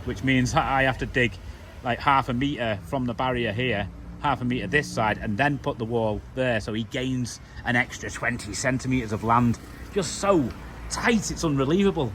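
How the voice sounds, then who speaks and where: A man's voice: medium pitch, normal speed, a bit bright, a little hiss or hum. A British man from the UK, vlogging outdoors at home in a loose, chatty, rambling way. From United Kingdom. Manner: chatty, loose and conversational with many fillers. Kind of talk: casual rambling monologue to camera.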